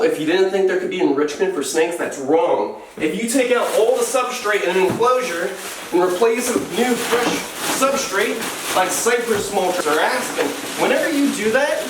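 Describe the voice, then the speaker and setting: A high-voiced, playful wildlife keeper chats casually and talks to his animals while working in an indoor enclosure room. The background is noisy, and the roomy, distant-mic recording carries music underneath.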